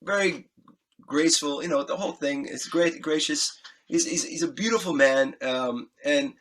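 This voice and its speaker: A man being interviewed as a musician, telling an animated, excitable anecdote, acting out scenes and swearing freely. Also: fairly high pitch, normal speed. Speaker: guest musician.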